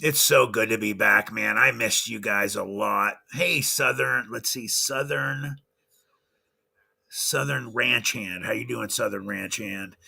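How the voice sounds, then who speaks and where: A man's voice: lowish voice, slow, gravelly, bright, forceful tone, slightly rough. A man hosting a livestream in a casual chatty way, greeting viewers by name one after another. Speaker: livestream host.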